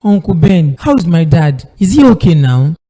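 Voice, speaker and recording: An actor voicing a worried, grieving young son in a cartoon drama, with a Nigerian accent and a distressed, pleading way of speaking. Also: male voice, a little high, big pitch swings, normal speed, warm tone, husky, long reverb tail. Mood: distraught. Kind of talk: cartoon voice acting.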